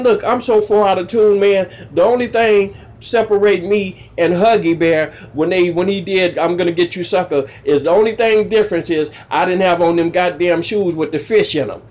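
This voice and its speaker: A man doing stand-up, telling rough profane stories in an animated way and jumping into loud high exclamations. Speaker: stand-up comedian. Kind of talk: stand-up storytelling.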